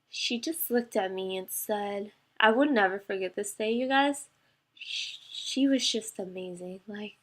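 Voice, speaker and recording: A young woman speaks straight to her viewers in a casual storytime. Her voice wavers as she holds back tears, and she often stops and restarts with "um" and "like". Her pitch sits in a middle range for a woman. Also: a bit bright. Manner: tearful, halting, many fillers. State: emotional, close to crying. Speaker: vlogger. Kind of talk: personal storytime to camera.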